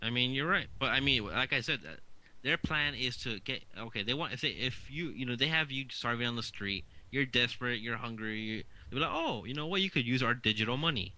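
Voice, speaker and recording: A man's voice: mid-range voice, brisk, bright, forceful tone, low-quality recording. A man co-hosting a casual talk show, talking emphatically and insistently, often restarting his sentences. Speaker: co-host.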